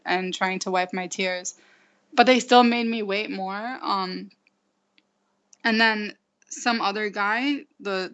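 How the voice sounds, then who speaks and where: A woman in her twenties from the United States, recounting events in a halting way with many fillers and restarts. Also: medium pitch, pushed and bright. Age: 20s. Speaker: interview guest. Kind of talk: casual recounting. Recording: dull lo-fi recording.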